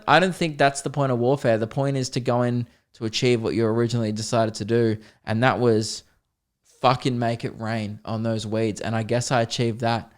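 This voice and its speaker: A man's voice: mid-range voice, normal speed. Young man telling a comic story. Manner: animated, swearing, self-mocking mock-epic telling. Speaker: podcast host.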